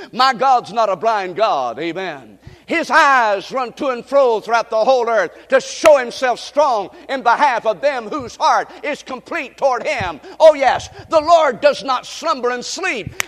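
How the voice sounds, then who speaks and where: A man preaching a sermon emphatically, repeating phrases and rising to shouts, recorded in a church sanctuary. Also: extremely high pitch. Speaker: pastor. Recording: long reverb in a large hall.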